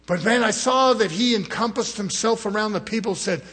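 Husky preacher man, fiery and hushed by turns. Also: moderate pace. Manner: swings from loud rising exhortation to low murmured asides; mimics other people in quoted voices. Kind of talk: sermon.

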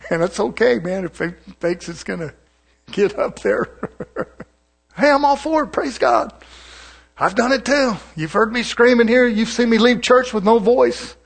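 A man's voice: very high-pitched, measured pace, gravelly. A man, a pastor, preaching a folksy, conversational sermon and sometimes mimicking other preachers.

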